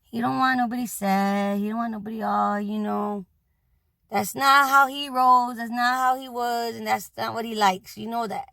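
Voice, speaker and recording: A woman's voice: fairly high pitch, steady tone, normal speed, vocal fry, pushed and bright, dry recording. A woman in a casual spoken monologue, relaying a departed man's message in a loose, blunt way, swearing freely and saying "you know" often. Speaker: messenger relaying words from a departed man.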